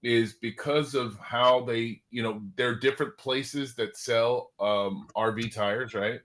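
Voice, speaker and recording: A man's voice: medium pitch, fairly even intonation, unhurried, a bit bright. A man hosting a casual video call chat, talking in a rambling way with frequent restarts. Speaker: host.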